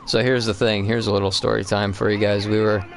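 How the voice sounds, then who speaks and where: A young man with a lowish voice chats casually on a live game stream. He tells rambling stories and swears often, with an easygoing, meandering delivery. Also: level tone, brisk, creaky. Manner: rambling, profane, storytelling. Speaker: streamer co-host. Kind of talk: casual chat while gaming.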